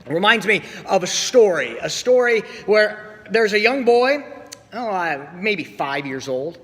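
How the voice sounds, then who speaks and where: A man preaching a sermon as pastor, telling stories with voiced quotes and slow pauses. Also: high-pitched, very animated, a bit bright. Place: church sanctuary. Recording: long church reverb.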